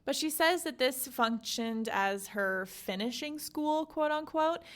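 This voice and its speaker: A young woman with a slightly high voice talks through a book in casual podcast chat. She is lively and chatty and keeps dropping in "like" and "you know" as she sums up chapters. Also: unhurried. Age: young adult. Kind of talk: casual book summary with read-aloud excerpts.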